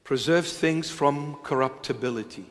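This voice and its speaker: A bishop preaching a sermon in a church, repeating phrases emphatically and swinging between hushed, intimate lines and raised ones. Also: male voice, fairly high pitch, normal speed, in a large hall.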